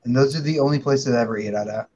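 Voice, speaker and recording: A man guest tells a story on a talk show, halting and stammering as he goes. His voice sounds dull and muffled, as if through a lo-fi mic. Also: medium pitch, warm tone, a little hiss or hum. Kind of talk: casual chat.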